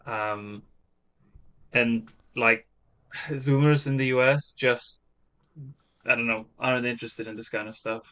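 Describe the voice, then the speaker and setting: Bright-voiced man, rambling. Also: medium pitch, steady tone, a little slow, pauses often. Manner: rambling, hesitant, sardonic. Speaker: podcast co-host. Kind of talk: casual chat.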